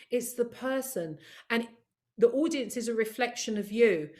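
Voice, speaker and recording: A woman presenting a live online training session over a video call, lively and encouraging, talking straight to her attendees. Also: medium pitch. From of Caribbean heritage. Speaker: workshop presenter.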